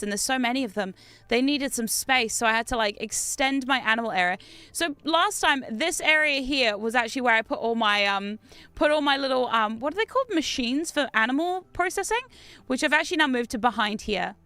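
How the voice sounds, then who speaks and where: Bright, excitable Australian woman streamer. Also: fairly high pitch, smooth, no echo. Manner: excitable, chatty, laughs often. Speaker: game streamer. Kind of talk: casual gameplay chat with viewers.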